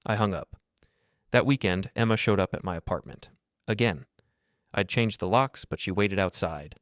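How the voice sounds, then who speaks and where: A man with a lowish voice narrates a first-person story. His delivery is flat and detached, and the recording is dry and close. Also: normal speed, no echo.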